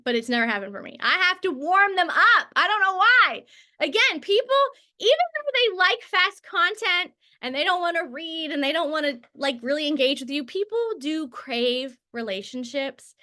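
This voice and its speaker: Bright high-voiced chatty woman. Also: lively intonation, moderate pace. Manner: chatty, tangents and filler words. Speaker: network marketing trainer. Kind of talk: casual training talk.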